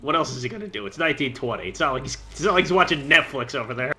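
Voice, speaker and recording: A man giving joking, excitable commentary in casual chat over gameplay. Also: medium pitch, rapid-fire. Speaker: let's play commentator.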